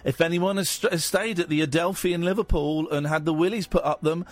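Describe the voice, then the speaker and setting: A man hosting a radio phone-in show, talking in an excitable, jokey, animated way into a studio microphone. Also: on the high side, a little fast. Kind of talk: casual talk radio chat.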